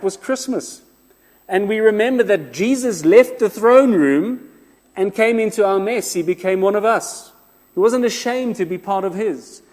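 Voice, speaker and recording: A man preaching a sermon, with expressive rhetorical repetition and some self-deprecating humor. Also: high-pitched. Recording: long reverb of a large room.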